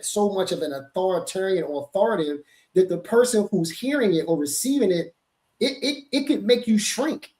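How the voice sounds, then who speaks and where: A man's voice: high-pitched, a little mellow, echoey room. A man hosting a podcast, chatting casually and reading out viewer comments before answering them. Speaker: podcast host. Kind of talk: casual chat.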